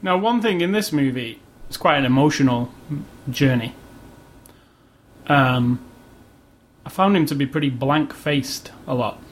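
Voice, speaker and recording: A man's voice: mid-range voice, measured pace, long pauses, a little hiss or hum. A man hosting a casual movie podcast, dry and sarcastic, often restarting his sentences. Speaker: podcast host. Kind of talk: casual chat.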